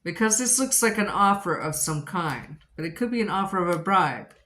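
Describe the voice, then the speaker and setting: A woman's voice: fairly low pitch, expressive, normal speed, fairly bright tone, a little hiss or hum. A woman giving a rambling, chatty tarot reading, repeating her questions to the cards and a little out of breath. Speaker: tarot reader.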